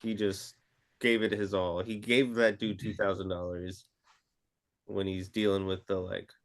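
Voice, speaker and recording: A man's voice: low-pitched, flat delivery, unhurried. A man co-hosting a podcast who talks earnestly and reflectively about a film character. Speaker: podcast co-host. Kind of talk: casual film discussion.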